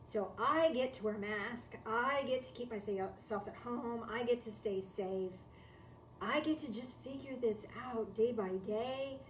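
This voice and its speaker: A woman's voice: fairly high pitch, a little slow. A woman giving a live-streamed spiritual talk from home, reflective and conversational, repeating key phrases and asking rhetorical questions. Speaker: spiritual teacher. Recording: echoey room, distant mic, faint noise.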